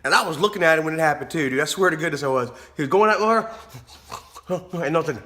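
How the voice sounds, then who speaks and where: A man talks to his camera in a loose, rambling vlog, laughing between sentences and swearing freely. His voice sits high for a man and has a bright, sharp edge. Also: expressive, quick pace. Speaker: vlogger. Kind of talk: casual vlog storytelling.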